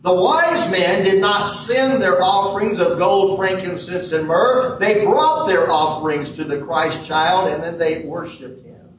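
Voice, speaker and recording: High-voiced pastor preaching in an echoey church. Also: male voice, slight background noise. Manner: measured preaching with emphatic stresses. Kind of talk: sermon. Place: church sanctuary. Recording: echoey hall from far off.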